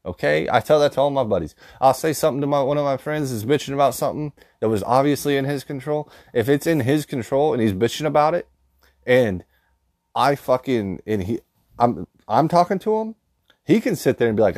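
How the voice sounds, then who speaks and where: A man's voice: medium pitch, animated, a little fast, a little mellow, dry recording, clean studio sound. Foul-mouthed man ranting. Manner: angry, heavy swearing, blunt. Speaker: vlogger. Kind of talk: profane storytelling rant.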